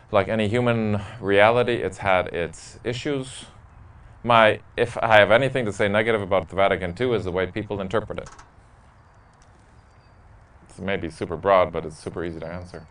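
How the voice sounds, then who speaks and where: A priest fields questions from a parish group in a casual Q&A, candid and joking, laughing at his own stories. His voice is fairly low and a bit bright, and he sounds far from the mic.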